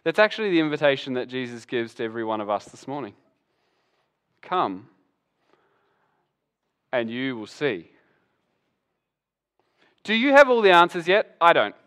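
A man preaching a sermon as pastor, animated and acting out the voices of Bible figures. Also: a little high, fast talker, hardly any pauses, clear, resonant tone.

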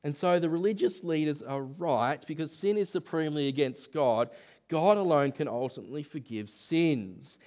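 A man's voice: a little high, normal speed, darkish tone. A man preaching a sermon in church, talking conversationally and asking rhetorical questions.

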